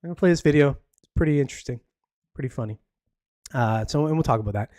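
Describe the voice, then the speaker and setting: A man's voice: medium pitch, fast, a little mellow, no room sound. A man hosting a podcast alone, chatting casually about the news in a rambling way, full of fillers and restarts. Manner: opinionated and chatty. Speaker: podcast host. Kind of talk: casual solo news chat.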